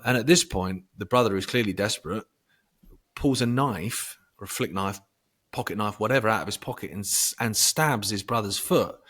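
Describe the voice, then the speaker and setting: A man speaking as a guest in a casual conversation. He swears freely and breaks into bursts of loud emphasis. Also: fairly low pitch. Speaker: podcast guest.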